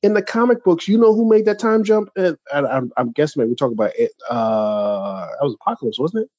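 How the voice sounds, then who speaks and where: A man's voice: a little high, fairly quick, no room sound, dull audio. A man co-hosting a podcast, ranting in casual chat with lots of restarts. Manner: animated, ranting, many restarts. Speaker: podcast co-host.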